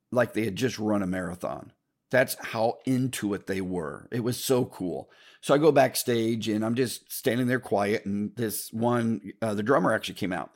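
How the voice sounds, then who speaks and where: An older man telling a long personal story in a casual, rambling way, with restarts, mild swearing and repeated asides to "folks". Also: lowish voice. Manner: keeps addressing listeners as folks. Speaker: podcast host telling a story.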